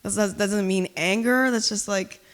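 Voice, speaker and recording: Intense woman poet, smooth clear voice. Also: mid-range voice, fairly even intonation, normal speed. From Cuba. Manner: loud, emphatic, intense delivery. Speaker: spoken word poet. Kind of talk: spoken word poetry performance with chatty asides. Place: live reading at an art gallery.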